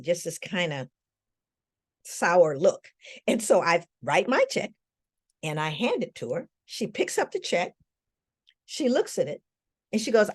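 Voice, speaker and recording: A woman's voice: lowish voice, a little slow, pauses often, husky. A woman giving a talk, telling a personal story to a live audience and calling on them with questions. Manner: animated, calls on the audience with questions.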